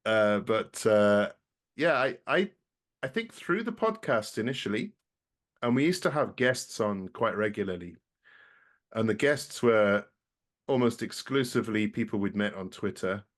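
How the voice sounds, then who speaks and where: A man's voice: lowish voice, lively intonation, a little slow. A man appearing as a podcast guest, chatting casually and rambling with a self-deprecating, apologetic manner.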